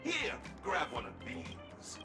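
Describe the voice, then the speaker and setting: A woman reading a male teacher's game dialogue in a gravelly put-on voice, leading a class with cheer. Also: low-pitched, huge pitch swings, slow, sharp tone, voice pushed down, exaggerated voice. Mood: instructive. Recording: roomy, distant, with game music.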